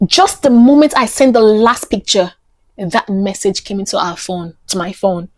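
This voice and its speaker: A woman's voice: mid-range voice, steady tone, moderate pace, no echo. A woman earnestly telling a personal story on her vlog, often repeating phrases for emphasis.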